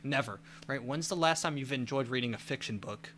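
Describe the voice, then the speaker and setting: Male podcast host, slightly drunk, bright voice, faint background hiss; loose, rambling delivery. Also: mid-range voice, brisk. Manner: rambling, stumbling restarts. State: tipsy. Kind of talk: casual chat.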